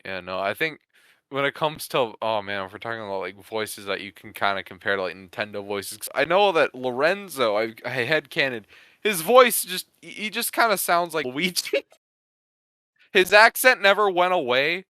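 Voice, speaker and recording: Bright, clear-voiced man in casual chat. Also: medium pitch, animated, no room sound, clean studio sound. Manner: halting, restarts his sentences often. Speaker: podcast guest.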